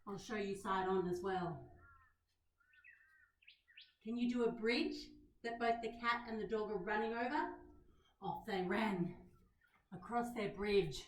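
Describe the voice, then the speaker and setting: A woman leading a children's yoga lesson in a gentle, coaxing way, asking the kids questions as she guides them. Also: mid-range voice, a little slow, pauses often. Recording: roomy sound from a distant mic.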